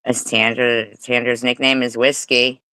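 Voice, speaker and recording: A woman's voice: extremely low pitch, level tone, a little slow, bright, forceful tone, no echo. A woman hosting a casual live stream, giggling often, swearing freely and breaking into playful bits of song. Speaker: livestream host.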